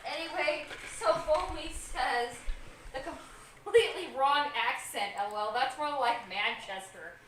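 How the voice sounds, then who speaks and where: High-voiced woman reading chat aloud. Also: measured pace, fairly bright tone, reverberant, recorded from a distance, slight background noise. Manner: reads viewer comments aloud, teasing. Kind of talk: casual live-stream chat.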